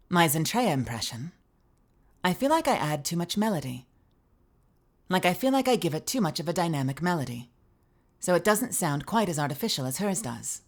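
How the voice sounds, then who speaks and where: Low-voiced woman chatting about voice acting. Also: a little fast. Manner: animated, swears freely, explains voice acting. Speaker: streamer and voice actor. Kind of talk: casual live-stream chat.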